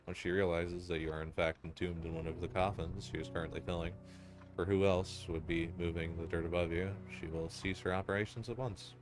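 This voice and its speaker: A man narrating a dark second-person story in a solemn, ominous and deliberate way. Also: deep voice, little pitch movement. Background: music.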